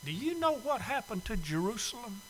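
A male preacher giving a sermon invitation in a church, pleading and swinging from loud urging to soft, hushed appeals. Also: high-pitched, big pitch swings, moderate pace, big-room sound, slight background noise, low-quality recording. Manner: pleading, swells loud then drops soft. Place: church sanctuary.

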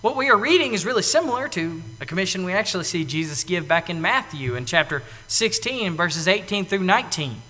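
Animated male preacher in an echoing hall. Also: high voice, brisk, few pauses. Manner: animated, acts out quoted lines with big swings in loudness. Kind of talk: sermon.

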